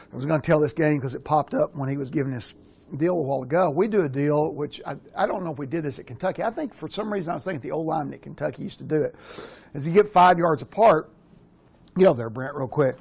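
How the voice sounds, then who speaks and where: Gravelly older coach. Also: male voice, on the high side, a little mellow. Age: around 60. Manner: casual, profane, rambling storyteller. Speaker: quarterback coach. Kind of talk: coaching clinic talk.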